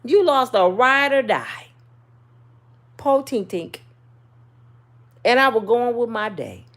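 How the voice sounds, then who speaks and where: A middle-aged woman, telling viewers a personal story in a casual, sassy, animated way. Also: fairly high pitch, normal speed. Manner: animated, sassy, swings between loud and soft. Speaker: channel host.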